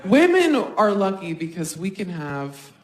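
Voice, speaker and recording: A woman performing a stand-up comedy set, talking animatedly and slipping into quick voices for other people. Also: medium pitch, big pitch swings. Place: live comedy stage. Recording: roomy live stage sound.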